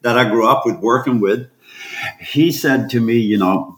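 A man from Sweden, an actor and guest, telling animated on-set anecdotes and acting out voices. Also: mid-range voice, moderate pace, reverberant. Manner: animated, acts out voices, swears casually.

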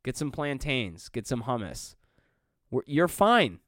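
A man's voice: mid-range voice, big pitch swings, slow, fairly bright tone, no echo. A young man hosting a rambling solo podcast, talking wryly into a close microphone with many fillers and restarts. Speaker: podcast host. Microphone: close studio mic.

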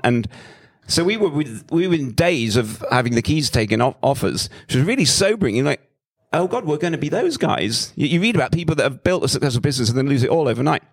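Male founder, middle-aged, chatty storyteller, self-deprecating, stumbles and restarts; mid-pitched. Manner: animated, self-mocking, many restarts. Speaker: company founder. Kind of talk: conversational storytelling talk.

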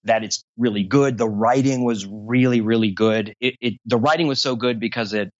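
A man's voice: lowish voice, moderate pace, no echo, highs cut off. A man being interviewed about voice acting, talking at length in a rambling, self-deprecating way. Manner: rambling, long-winded, self-deprecating humor. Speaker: voice actor interview guest. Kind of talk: casual interview talk.

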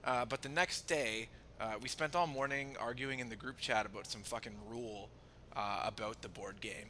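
A man telling a story on a podcast in casual chat, animated, with many restarts and a lot of swearing. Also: medium pitch, normal speed, a little hiss or hum. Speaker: podcast co-host.

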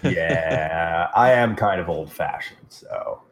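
A man's voice: extremely low pitch, lively intonation, slow, creaky. A man with a Southeast Texas accent, co-hosting a podcast in casual chat and joking in a mock-formal way. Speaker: podcast co-host.

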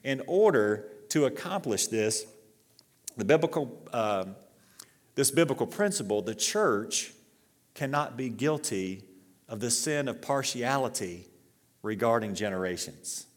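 A middle-aged male pastor preaches in a church sanctuary, relaxed and conversational, with fillers and restarts. His voice is medium-pitched at a measured pace, gaining force when he reads scripture aloud, and the recording carries a church hall's long reverb.

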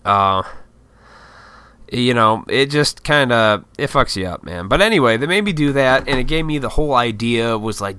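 A man's voice: medium pitch, animated, moderate pace, sharp tone, clean tone, dry recording. A man in his thirties, a YouTuber, in a casual, rambling, profane vlog monologue. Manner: rambling, profane, laid-back, self-deprecating.

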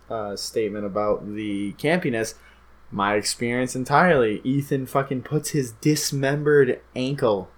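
A man co-hosting a casual podcast chat, telling game stories with lots of swearing and animation. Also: medium pitch. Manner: profane, animated storytelling. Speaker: podcast co-host.

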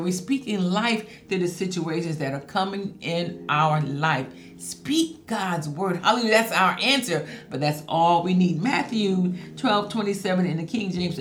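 A woman's voice: lowish voice, normal speed, few pauses. Emphatic woman preacher, echoey room. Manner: emphatic preaching, reads scripture, frequent hallelujahs. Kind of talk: sermon. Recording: echoey room with faint music. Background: faint music.

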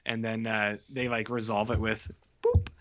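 A man's voice: on the low side, level tone, normal speed, lo-fi sound. A man co-hosting a casual podcast, bluntly reviewing TV episodes, swearing freely and acting out his own reactions. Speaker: podcast co-host.

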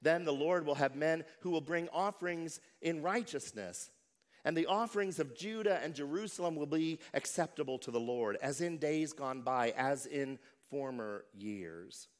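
A man's voice: fairly high pitch, moderate pace. A man preaching a sermon as pastor, telling stories and acting out quoted voices.

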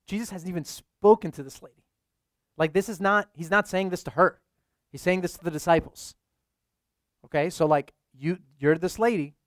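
A young adult male priest preaching in a relaxed, chatty way and leaning on "like" as a filler. His voice sits a little high for a man. The sound is dry and close, with no room echo. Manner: casual, many "like" fillers. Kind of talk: conversational sermon.

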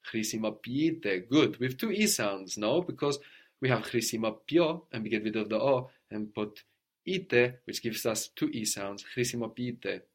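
A man's voice: mid-range voice, moderate pace. A man teaching a language lesson, patiently prompting his student and often checking with a questioning "no?".

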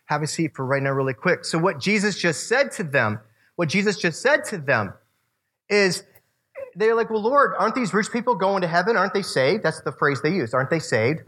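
A man preaching a casual, animated sermon to a youth group, using slang and quoting voices. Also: on the high side, a little fast. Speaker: youth pastor.

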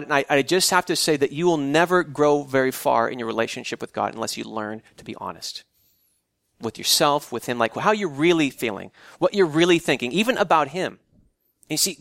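A man's voice: on the high side, fairly bright tone, no echo, clean studio sound. A man preaching a sermon in a conversational way, often restarting his phrases as he works through a Bible story. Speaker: pastor.

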